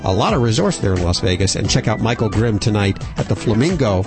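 A man's voice: lowish voice, sing-song, fast talker, over music. A male radio host reads a sponsor message and chats in an easygoing way with his co-hosts. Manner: easygoing, chatty. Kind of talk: radio show banter and ad read.

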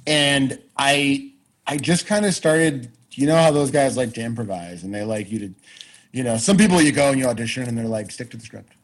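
A man's voice: mid-range voice, expressive, normal speed, rough recording. A man, a guest who acts and writes, telling rambling, self-deprecating stories in casual chat, with restarts and swearing.

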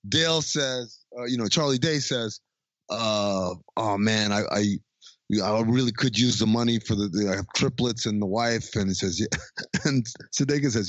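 A mid-pitched man walks through a comedy film scene by scene, quoting lines and laughing at the jokes. His voice sounds dry and slightly muffled, close to the mic. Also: expressive, normal speed, no room sound. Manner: storytelling retells of dialogue, laughing at the jokes. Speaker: podcast co-host. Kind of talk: casual movie recap chat.

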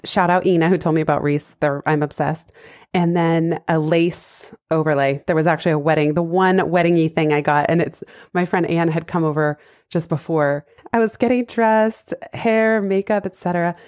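A woman's voice: low voice, steady tone, moderate pace, darkish tone, no echo, studio quality. A woman hosting a podcast in casual chat, bubbly and laughing often. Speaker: podcast host.

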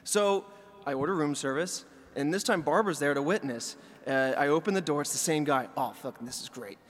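Higher-pitched male co-host, storytelling, reverberant room. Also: fairly quick. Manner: animated anecdote teller who mimics people. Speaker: podcast co-host. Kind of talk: casual chat, storytelling.

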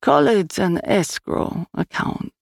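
Sly male villain trader, read by a woman: purring, slow, mocking, gravelly edge. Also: on the low side, big pitch swings, no room sound, clean studio sound, exaggerated voice.

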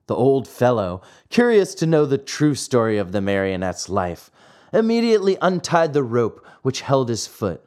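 A man narrating a classic fairy tale in an expressive, dramatic storybook reading. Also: medium pitch, moderate pace.

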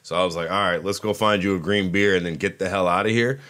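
A man's voice: deep voice, steady tone, fast talker, a bit bright. A young man co-hosting a podcast, rambling in a laid-back way. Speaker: podcast co-host. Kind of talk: casual chat.

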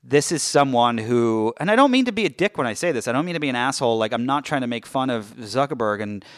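A man hosting a podcast, chatting casually and joking at his own expense, often trailing off softly at the end of a thought. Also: mid-range voice, animated, fast talker, dry recording, clean studio sound. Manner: chatty, self-deprecating, trails off softly at ends. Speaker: podcast host.

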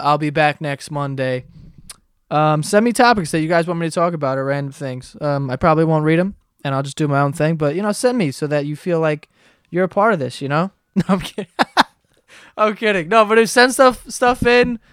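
A young podcast host, a man, rants in a profane, excitable rush, his voice sitting high and his throat sore from yelling. The sound is close and dry, with no room around it. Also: brisk, clear, resonant tone, no echo. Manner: profane, excitable ranting with sudden loud outbursts. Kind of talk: solo comedic rant.

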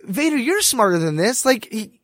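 A man co-hosting a podcast, talking in an animated, excitable way and tripping over his words. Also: very high-pitched, normal speed, no room sound, studio quality. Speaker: podcast co-host. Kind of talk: casual chat and sponsor read.

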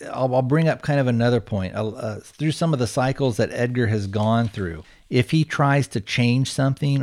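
A man's voice: lowish voice, darkish tone. A man hosting a podcast, casually retelling a film's plot, rambling with lots of fillers and restarts. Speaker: podcast host. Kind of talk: casual movie plot recap.

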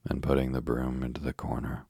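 Very deep, gravelly man reading a bedtime story. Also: fairly quick, no room sound, clean studio sound. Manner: calm, even storytelling. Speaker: narrator.

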